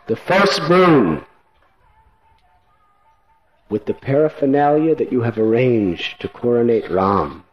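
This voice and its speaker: A man's voice: medium pitch, a bit bright, poor audio. A man voicing an unmoved, wrathful queen who coldly makes her demands. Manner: hard, commanding, demanding. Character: cold, wrathful scheming queen.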